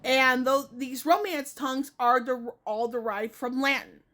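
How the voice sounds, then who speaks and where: Woman, high voice, casual gaming vlog, rambling, self-correcting, lots of fillers. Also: unhurried, fairly bright tone. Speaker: gaming video host.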